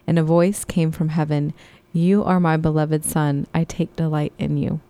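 A woman taking part in a casual Bible study, reading scripture aloud plainly and responding warmly in discussion. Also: sits low, level tone, moderate pace, no echo.

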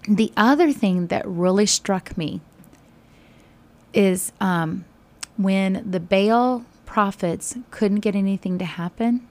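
A woman teaching a Bible study, retelling scripture in conversation with sudden animated bursts. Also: mid-range voice, slow pace.

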